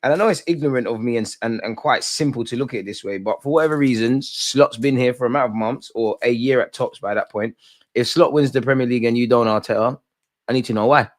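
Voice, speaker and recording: A man's voice: medium pitch, fast talker. A young man hosting a live football watch-along, talking in rambling, opinionated banter. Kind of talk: casual live match commentary.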